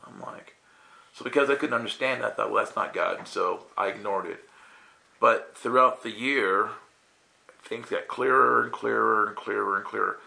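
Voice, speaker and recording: A man's voice: lowish voice, moderate pace, creaky, bright, forceful tone, poor audio. A man telling a casual personal testimony as a guest minister, chatty and self-interrupting, often checking in with "right?".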